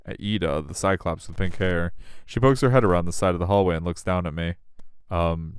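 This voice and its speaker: A man's voice: low-pitched, moderate pace, clean tone, no echo. A man reading a visual novel aloud, wry and self-deprecating as the narrator. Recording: faint music behind.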